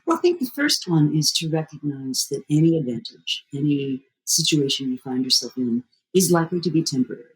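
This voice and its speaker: A woman being interviewed as a strategy expert, answering fluently and at length, with lively jumps in pitch. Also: brisk, few pauses, rough recording. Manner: fluent and explanatory, with sudden lively rises in pitch.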